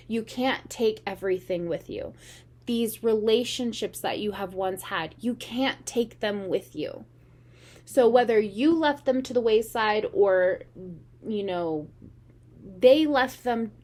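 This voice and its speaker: A woman's voice: mid-range voice, a little mellow. A woman giving a casual tarot reading, talking in an earnest, meandering way. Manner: meandering, earnest, slow and unhurried. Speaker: tarot reader.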